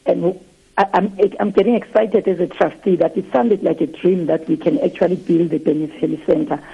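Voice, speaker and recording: Earnest caller from south africa, very raspy, gravelly, tinny phone line. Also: mid-range voice, steady tone, brisk. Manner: earnest, reflective. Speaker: caller, trustee. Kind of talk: impassioned phone-in comment.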